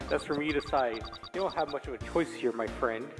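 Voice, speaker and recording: A man voicing a disguised kidnapper with an altered voice, giving low, commanding orders. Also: a little fast, music in the background, natural voice. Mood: menacing.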